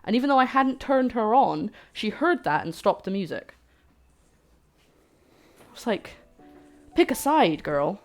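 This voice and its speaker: A woman's voice: a little high, animated, measured pace, pauses often. A woman hosting a cooking livestream, chatting playfully with her viewers as she works. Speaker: cooking stream host. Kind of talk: casual livestream chat while cooking. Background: faint background music.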